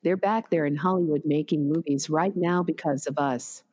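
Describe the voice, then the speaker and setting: A female text-to-speech voice reading out a furious male film star's profane rant, delivered flat and synthetic. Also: low-pitched, moderate pace. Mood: angry rant. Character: furious male film star ranting at crew.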